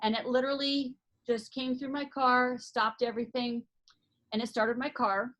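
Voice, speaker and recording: A woman's voice: on the high side, little pitch movement, normal speed, a bit bright. A woman, an author and life coach, telling a personal story as a podcast guest, earnest and emphatic, often restarting her sentences.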